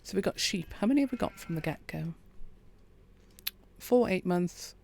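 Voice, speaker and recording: A woman, quietly commentating a farming game and chatting with her viewers. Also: lowish voice, moderate pace, creaky, a little hiss or hum. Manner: quiet, relaxed, chats with viewers. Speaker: streamer. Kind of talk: calm gameplay commentary.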